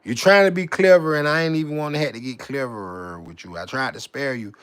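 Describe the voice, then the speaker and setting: A man's voice: mid-range voice, brisk, fairly bright tone, clean tone. A man vlogging in a profane, mocking rant to camera, repeating himself and stumbling over words with swagger. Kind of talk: profane ranting monologue to camera.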